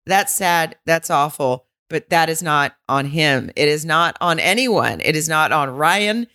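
A woman's voice: sits low, animated, measured pace, bright, forceful tone. A woman co-hosting a podcast, chatting casually and acting out quotes with some swearing. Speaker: podcast co-host. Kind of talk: casual chat recapping a reality show.

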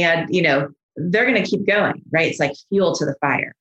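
A middle-aged woman psychologist talks as a podcast guest. Her voice sits a little low, and she explains gently and with enthusiasm. She often slips into soft, soothing quoted voices. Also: lively intonation, normal speed, hardly any pauses, poor audio. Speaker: psychologist and mindfulness expert, guest.

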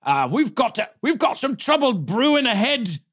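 A man's voice: very high voice, very animated, moderate pace, a bit bright, pitched above the performer's own voice, full character voice. A man doing a broad Cockney accent to voice a jolly working-class old father from a stage play. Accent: Cockney, put on. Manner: broad, hammy stage delivery.

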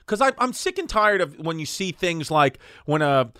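Man, teasing, excitable, slightly high voice, podcast banter. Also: normal speed, clear, resonant tone, dry recording, studio quality. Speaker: podcast guest co-host. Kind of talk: casual chat.

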